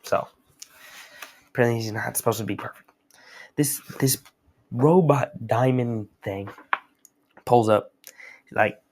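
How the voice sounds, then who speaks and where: A man's voice: mid-range voice, takes it slowly, long pauses, darkish tone. A young man recapping a story in a rambling, slangy, casual manner. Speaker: host.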